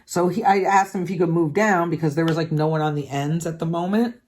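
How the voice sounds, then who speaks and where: A woman's voice: fairly low pitch, fast talker, darkish tone. A woman hosting a diamond painting channel, chatting casually and candidly while she works, with the odd swear word. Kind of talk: casual chat while crafting.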